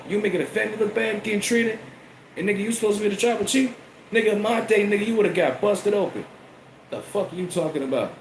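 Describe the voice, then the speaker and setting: A man's voice: high voice, quick pace, voice pushed up. A man voicing an older male wrestling legend who scolds brashly and profanely. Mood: scolding. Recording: echoey room with faint air conditioning hum.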